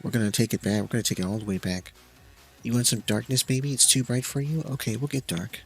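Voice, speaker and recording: A man voicing a smug game studio boss who teases in a low, hushed tone. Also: steady tone, quick pace, creaky, breathy edge, soft background music.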